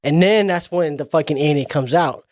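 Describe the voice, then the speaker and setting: A man co-hosting a podcast, talking about a movie in a relaxed, rambling and profane way. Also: on the high side, moderate pace. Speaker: podcast co-host. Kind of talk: casual movie chat.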